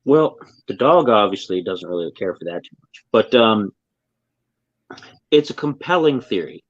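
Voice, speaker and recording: A man's voice: on the low side, sing-song, moderate pace, no echo, highs cut off. A man co-hosting a podcast in casual chat, rambling with lots of filler words. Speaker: podcast co-host.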